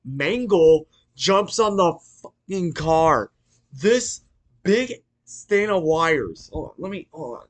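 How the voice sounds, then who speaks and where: A man casually recapping a movie for his channel, rambling with restarts and apologies, excitable and swearing. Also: fairly high pitch, slow pace. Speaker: YouTuber reviewing a movie.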